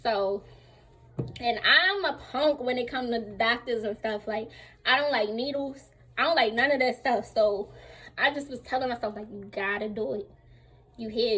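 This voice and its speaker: A young woman telling a casual storytime to her viewers, candid and slangy, animated as she retells what happened. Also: fairly high pitch, slightly rough, low-quality recording. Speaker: vlogger.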